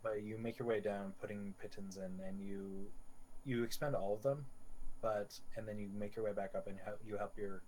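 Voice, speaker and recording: A man with a low voice runs a tabletop game, narrating each step and stumbling over repeated words as he goes. Faint noise hums under a streamed recording. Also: fairly even intonation, darkish tone, rough recording. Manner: halting, repeats words while describing. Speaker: game master.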